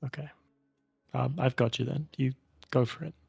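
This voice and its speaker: A man's voice: mid-range voice, steady tone, normal speed, vocal fry, darkish tone, breathy edge, no echo, faint music behind. A man playing a tabletop game, speaking in a reassuring, easygoing way. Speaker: player. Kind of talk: casual tabletop game chat.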